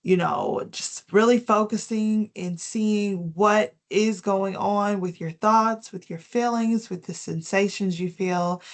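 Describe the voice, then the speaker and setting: Gentle woman presenting a wellness lesson. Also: lowish voice. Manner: gentle, explanatory, with fillers like "um" and "you know"; reads from prepared points, then explains in her own words. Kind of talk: health education talk.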